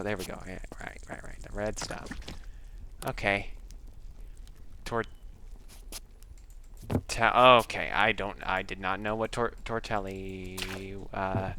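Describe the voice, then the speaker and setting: A game commentator with a lowish, sharp-toned voice rambles through casual let's-play commentary close to a desk microphone. He makes self-deprecating asides and breathes audibly into the mic, with a little hiss or hum present.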